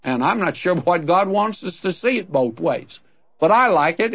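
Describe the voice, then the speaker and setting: Man, Bible teacher, earnest conversational preaching, animated voice, muffled lo-fi sound. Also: high-pitched, normal speed. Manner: earnest, conversational preaching that speaks straight to the listener.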